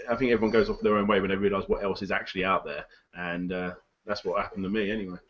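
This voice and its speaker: Man, low voice, hesitant casual chat, lo-fi stream. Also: a bit bright. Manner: hesitant, laid-back, lots of fillers. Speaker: panelist on live stream. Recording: dull lo-fi audio with faint hiss.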